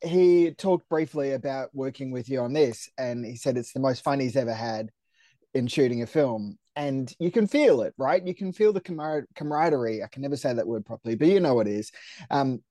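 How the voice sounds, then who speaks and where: A man asks a guest questions in a chatty, slightly stumbling way. His voice is mellow and dark, recorded dry and close with no room sound. He speaks at an average pitch for a man. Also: animated, normal speed, dry recording. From Australia. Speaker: interviewer. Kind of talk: casual interview questions.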